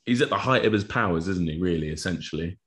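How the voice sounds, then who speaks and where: Male co-host, very low voice, relaxed and blunt. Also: fast talker. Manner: laid-back, blunt banter. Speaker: co-host, rugby prop. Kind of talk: casual chat.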